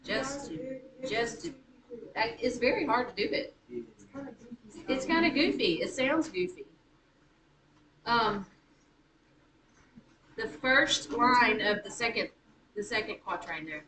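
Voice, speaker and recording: A woman teaching a high school writing class, chatty and teasing, often correcting herself mid-sentence. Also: expressive, slow pace, pauses often, bright, forceful tone. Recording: echoey room, far from mic, noisy.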